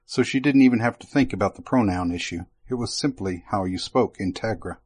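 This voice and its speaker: A man narrates a fantasy spy tale at a steady, even pace. His voice sits low with a husky texture. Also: brisk, hardly any pauses.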